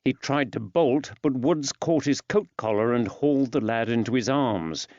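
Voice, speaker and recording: A man narrating an audiobook in a measured, even storytelling delivery. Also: mid-range voice, no echo. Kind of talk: scripted narration. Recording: dull dry studio sound.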